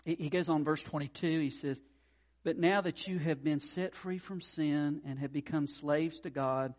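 A middle-aged man preaching a sermon as pastor, earnest, dropping soft and low then rising to loud impassioned peaks. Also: steady tone, moderate pace. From North Carolina.

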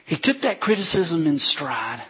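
Husky-voiced man preaching a sermon. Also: fairly high pitch, unhurried. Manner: animated storytelling preacher, acting out crowds with shouts. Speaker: pastor.

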